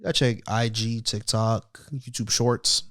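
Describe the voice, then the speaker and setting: A man's voice: mid-range voice, fairly even intonation, a bit bright. A man co-hosting a podcast in casual banter, asking questions and filling his talk with "like". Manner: quick, conversational, asks questions and hedges with "like". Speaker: podcast co-host.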